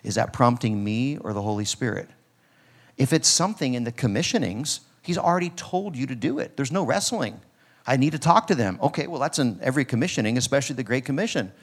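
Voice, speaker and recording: A man preaching a sermon in a church service, talking in a casual, animated way and acting out quoted lines. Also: mid-range voice, quick pace. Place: church sanctuary.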